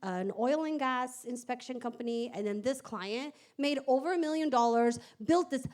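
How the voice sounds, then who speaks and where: Woman, high voice, candid startup founder doing an animated, swear-laden live storytelling talk. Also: moderate pace. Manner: animated, candid, swears and laughs while telling. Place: event stage before an audience.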